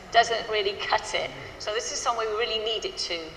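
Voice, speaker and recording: A woman's voice: medium pitch, fairly quick, fairly bright tone. A woman choir director giving upbeat, chatty instructions to her choir at a rehearsal in a hall. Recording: echoey hall with faint ambient noise.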